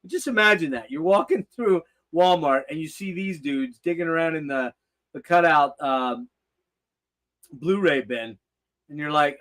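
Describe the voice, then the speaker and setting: A man's voice: fairly high pitch, expressive, normal speed, a bit bright. An older man hosting a casual livestream, rambling and swearing with loose laughter. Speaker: host.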